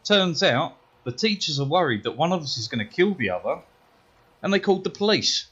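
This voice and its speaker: A British man streaming a game, telling a story in a casual, profane way that grows animated and louder as he gets worked up. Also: on the high side, a little fast, husky, dull audio. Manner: profane, swears constantly. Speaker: gaming streamer.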